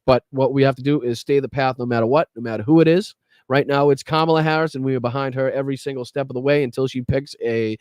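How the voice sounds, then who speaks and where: A man's voice: medium pitch, darkish tone, no echo. A man with a Boston accent hosting a political podcast live, talking bluntly and with fired-up profanity. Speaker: podcast host. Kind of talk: live-stream political commentary.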